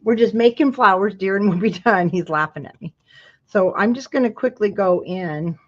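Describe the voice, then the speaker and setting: A woman's voice: medium pitch, normal speed, muffled recording. A woman from Utah hosting a live craft tutorial, talking viewers through each step in a chatty way and breaking off into asides. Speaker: craft show host.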